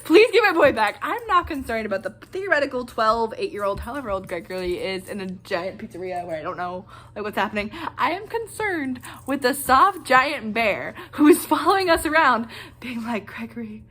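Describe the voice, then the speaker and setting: A young woman vlogger ranting casually and excitedly, rambling with lots of fillers. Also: a little high, moderate pace. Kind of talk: casual reaction rant.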